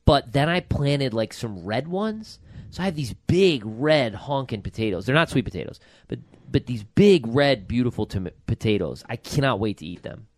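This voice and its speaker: Podcast host, man in his forties, excitable and rambling, dry close mic. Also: medium pitch, normal speed, no echo. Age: 40s. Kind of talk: casual chat.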